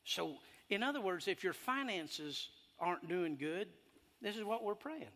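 Bright-voiced preacher in a reverberant hall. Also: male voice, unhurried. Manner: animated preaching, voice rising high and loud on emphasis. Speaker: pastor. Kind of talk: sermon. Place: church hall.

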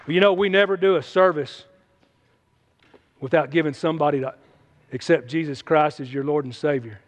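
A middle-aged man, preaching a folksy, emphatic sermon and dropping into quiet asides. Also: fairly high pitch, fairly even intonation, fairly quick, some chatter behind. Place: church hall. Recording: long hall reverb.

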